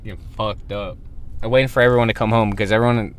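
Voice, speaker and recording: A man's voice: on the low side, fairly even intonation, fast talker, clear, resonant tone. A man in his twenties telling a story in casual podcast chat, rambling and swearing freely. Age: 20s. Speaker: podcast co-host.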